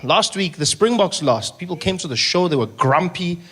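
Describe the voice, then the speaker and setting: A young South African man doing a stand-up comedy set, telling stories in an animated way and jumping into high mock outrage. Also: normal speed. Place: comedy stage before a live audience.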